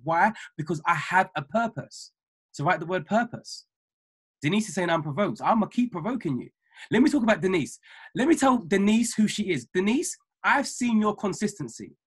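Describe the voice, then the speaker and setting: A man giving an emphatic, repetitive motivational talk to his trading mentees over a video call, building from calm to fiery. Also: high voice, normal speed, slightly rough. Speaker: trading mentor.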